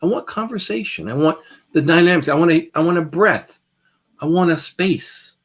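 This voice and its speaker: A man teaching a guitar master class in a loose, conversational lecture style, his voice sitting a little on the high side. He drives points home by repeating phrases, and he lets his volume rise and drop freely as he talks. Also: normal speed, husky. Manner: swings between loud and soft.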